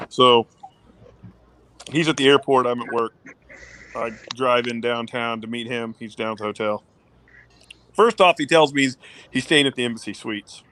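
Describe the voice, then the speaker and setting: A man's voice: mid-range voice, moderate pace, long pauses, low-quality recording. A man in his thirties, a former ballplayer, telling a casual story with lots of swearing, acting out the lines of the people in it. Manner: animated, swearing, acts out quotes. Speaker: guest, former pitcher.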